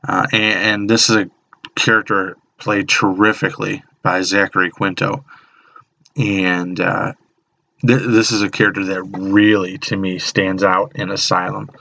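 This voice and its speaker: Man, flat monotone delivery, bright tense tone, halting casual commentary, many restarts. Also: low-pitched, vocal fry, dull audio. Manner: halting, frequent fillers and restarts, enthusiastic praise. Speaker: horror list video host.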